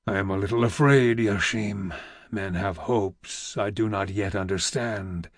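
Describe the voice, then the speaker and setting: A man voicing a deep growling old grand vizier. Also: no room sound. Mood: grave. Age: older. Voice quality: very deep rumbling growl, almost a whisper. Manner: slow, grave and weighty. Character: old heavy weary Ottoman grand vizier. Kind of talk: audiobook reading.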